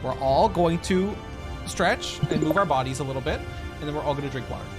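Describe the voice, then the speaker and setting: A woman's voice: deep voice, fairly quick. A woman streaming a game, chatting playfully and goofily with her viewers. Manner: playful, goofy, chats with viewers. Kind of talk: casual livestream chat while gaming. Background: game music.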